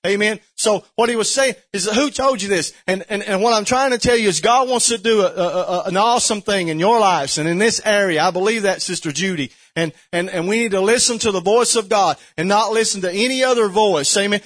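A man preaching a sermon, fervent and building to shouts with repeated questions. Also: high-pitched, brisk, few pauses.

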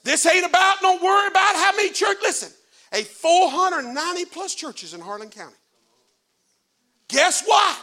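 A male preacher delivers a folksy sermon in a church. His voice sits very high, with bright, forceful edges and a lively rise and fall. He drops to hushed asides, then builds to shouts. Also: a little fast.

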